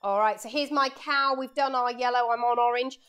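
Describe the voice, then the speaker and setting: A woman's voice: fairly high pitch, steady tone, a little fast, fairly bright tone. A woman art teacher giving a live painting lesson for children in her studio, chatting and explaining each step as she draws, speaking into a lapel mic.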